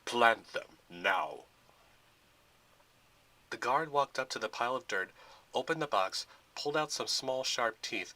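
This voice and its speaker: A man's voice: mid-range voice, bright, forceful tone. A man narrating a Lego fan film in a plain storytelling manner.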